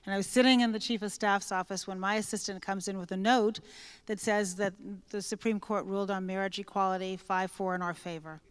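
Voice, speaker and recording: A woman guest author telling lively anecdotes in an onstage conversation, acting out what people said. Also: medium pitch, brisk, clear, resonant tone, big-room sound. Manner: lively anecdotal storyteller who acts out quoted speech.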